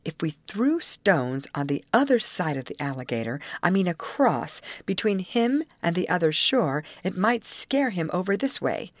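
A woman voicing Amy, a gentle earnest girl. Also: on the low side, big pitch swings, normal speed, hardly any pauses, dry recording. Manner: soft, earnest suggestions. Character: gentle hopeful teenage girl.

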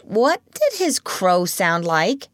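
A woman's voice: mid-range voice, wildly swooping pitch, no room sound, clean studio sound. A woman reading aloud and voicing a solemn, curious little girl. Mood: grave. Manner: grave, slow. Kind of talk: storybook reading.

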